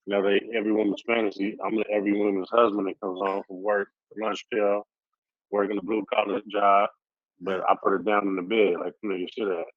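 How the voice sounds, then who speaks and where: A man telling stories in a relaxed, profane street-slang style, acting out the dialogue as he goes. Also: on the low side, brisk, dry recording. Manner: laid-back, profane street slang, acts out quoted dialogue. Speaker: podcast guest. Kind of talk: casual storytelling interview. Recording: dry, slightly muffled audio.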